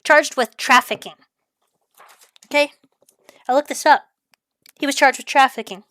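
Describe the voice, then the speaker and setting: A woman vents in an angry rant monologue, like a ranting vlogger, sounding exasperated and profane and repeating herself. Her voice is high-pitched and fairly bright, a little slow, with no room sound.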